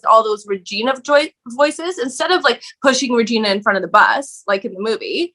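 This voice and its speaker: Bright, animated woman sharing her story. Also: high-pitched, normal speed. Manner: animated, swears casually, laughs often. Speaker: podcast guest. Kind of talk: candid conversational storytelling.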